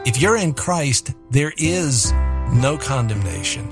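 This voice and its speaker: A man's voice: mid-range voice, animated, slow. A male host reflecting in a preaching manner and quoting scripture. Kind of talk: devotional radio talk. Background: music.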